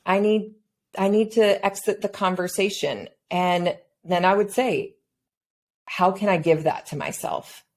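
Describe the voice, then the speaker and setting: A woman's voice: medium pitch, fairly even intonation, measured pace, a little mellow. A woman hosting a podcast, reflectively retelling her own past thoughts in casual conversation. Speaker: podcast host.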